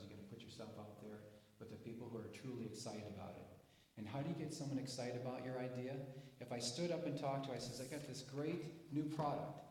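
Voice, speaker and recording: A man who grew up on a dairy farm, speaking to an inventors' meeting in a folksy, animated storytelling way, acting out voices. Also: mid-range voice, a little hiss or hum. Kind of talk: storytelling presentation. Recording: echoey hall, live stream.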